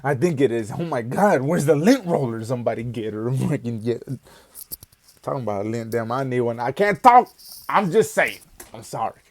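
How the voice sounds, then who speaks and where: A man's voice: mid-range voice, animated, moderate pace, soft background music. A young man hosting a reaction video, joking and talking back to the screen in casual, cursing chatter. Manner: joking, talks back to the screen, swears freely. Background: loud song playing.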